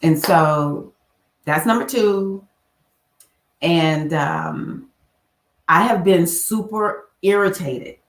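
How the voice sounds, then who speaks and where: A woman with a lowish voice talks casually to her livestream viewers as a spiritual coach. She chats freely and flips into a high, squealing voice when acting out her own quotes. The sound carries a roomy echo. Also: very slow, long pauses. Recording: echoey room.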